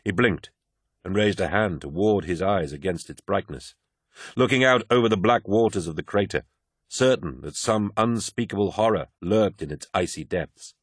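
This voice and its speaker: A man with a very deep voice reads a dark fantasy story in steady, dramatic narration. The recording is close and completely dry. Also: husky, dry recording. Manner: measured, dramatic. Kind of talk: scripted audiobook narration.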